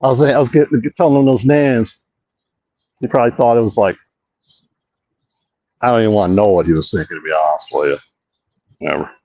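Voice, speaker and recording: A man's voice: on the low side, fairly quick, pauses often, warm tone, no echo, dull audio. A man hosting a casual walk-and-talk vlog outdoors, rambling, swearing a lot and mocking himself. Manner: rambling, profane, self-mocking. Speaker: host. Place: outdoor park.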